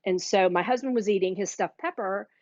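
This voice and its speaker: A woman's voice: mid-range voice, a little fast, darkish tone, dry recording. Woman doing a live cooking show, gushy and chatty with viewers, dull dry stream sound. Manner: chatty and gushing, addresses viewers directly. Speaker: cooking class host. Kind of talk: live cooking demo chat.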